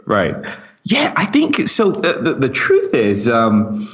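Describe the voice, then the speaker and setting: A man's voice: mid-range voice, huge pitch swings, slow pace, fairly bright tone. A man with a British accent and a slight American twang, an upbeat podcast guest who laughs easily. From England. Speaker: guest, company CEO. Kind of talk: casual interview chat.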